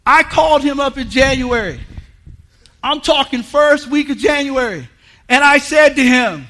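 Male preacher, high bright voice, emphatic, folksy, repetitive, shouts at peaks. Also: lively intonation, normal speed. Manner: folksy, colloquial. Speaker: guest preacher. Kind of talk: sermon.

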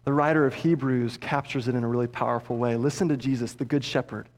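A man preaching a sermon as pastor, passionate, dropping low and soft for emphasis. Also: steady tone, quick pace. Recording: long hall reverb.

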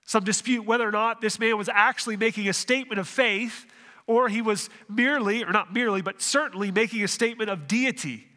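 A man preaching a sermon as pastor, earnest, with dramatic pauses, in a church sanctuary. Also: high-pitched, pushed and bright, in a large hall.

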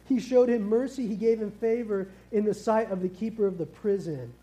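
Male preacher, very high voice, mellow tone, casual and lively, asks the crowd questions. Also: normal speed. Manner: lively, engages the audience with questions; casual, youthful slang. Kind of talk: family sermon with kids present.

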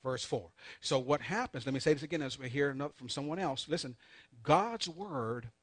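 A man preaching a sermon, leading call-and-response and repeating key points slowly and emphatically. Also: medium pitch, husky, no echo. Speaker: pastor leading a Bible study.

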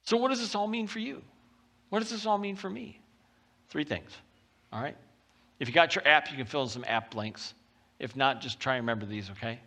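A pastor delivering a sermon in a bright, forceful voice that sits a little high for a man. He talks in a lively, conversational way. When he reads scripture aloud, his intensity climbs. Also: brisk, long pauses. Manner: animated and conversational, often acting out quotes.

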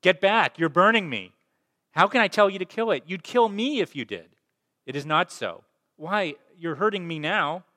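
A man voicing a timid, flustered male ghost who pleads and yelps in a strained, higher voice. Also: expressive, moderate pace, sharp tone, in a large hall. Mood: panicked. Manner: pleading, flustered, rising to a yelp. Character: frantic timid male ghost clinging to his lizard.

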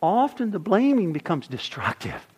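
A middle-aged man preaches a sermon with a lively, sweeping voice that sits a little high for a man. He swings from loud, punched emphasis down to soft near-whispers. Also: normal speed, slightly rough. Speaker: pastor.

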